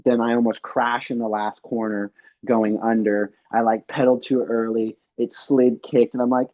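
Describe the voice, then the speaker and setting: Male guest, chatty storyteller, mid-pitched voice, slightly muffled recording. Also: moderate pace. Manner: animated storyteller, acts out quotes loudly. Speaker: pro bike racer guest. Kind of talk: casual interview chat.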